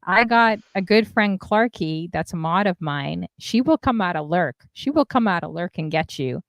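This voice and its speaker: A woman's voice: on the low side, expressive, normal speed, no echo. Chatty woman host reading chat aloud. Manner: chatty, reads out chat comments, laughs often. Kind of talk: casual live-stream chat.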